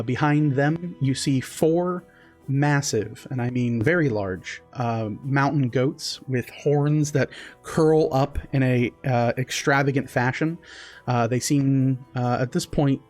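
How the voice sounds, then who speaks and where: A man running a tabletop game as game master, describing the scene in a mid-pitched voice. He pauses often and fills gaps with "uh" and "um", with faint music behind him. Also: a little mellow. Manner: hesitant, many fillers.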